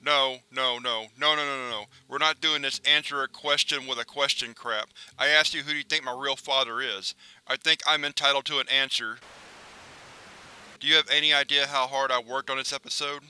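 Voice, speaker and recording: A man's voice: medium pitch, steady tone, brisk, sharp tone, smooth, low-quality recording. A man voicing a paranoid, threatening male cartoon pelican who bullies and demands approval. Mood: defensive.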